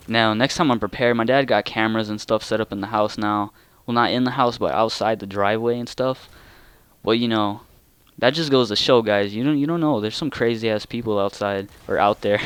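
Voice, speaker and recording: Rambling young man, smooth dry voice. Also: on the low side, no echo. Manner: rambling, lots of "like" and "you know". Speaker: gaming channel creator. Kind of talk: casual storytelling commentary.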